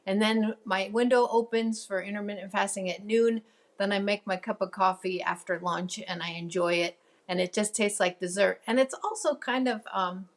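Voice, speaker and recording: Woman host, mid pitch, gravelly fry, rambling live-stream chat with viewers. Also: fairly bright tone. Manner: chatty, answers viewer comments, many ums and laughs. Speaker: crafting show host.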